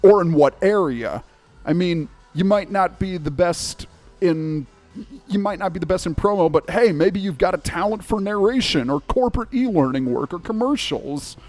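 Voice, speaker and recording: A man talking as a podcast guest about his voice acting work, in an easy and animated way. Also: sits high, moderate pace, soft background music. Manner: animated, slips into playful accents. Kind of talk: casual interview chat. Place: remote interview, podcast.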